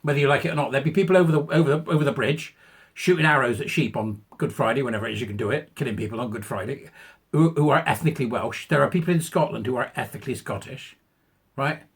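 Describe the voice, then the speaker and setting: A man's voice: medium pitch, fast talker, slightly rough. An English man ranting in sarcastic, mocking commentary and laughing at his own jokes. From England. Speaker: online commentator.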